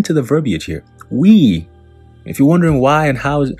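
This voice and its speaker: A man's voice: a little high, very animated, normal speed, mellow, slightly rough, soft background music. A man reading news quotes aloud and commenting on them in a profane, preaching tone, with sardonic asides. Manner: reads quotes then comments, mocking and sardonic laughs. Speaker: religious commentator.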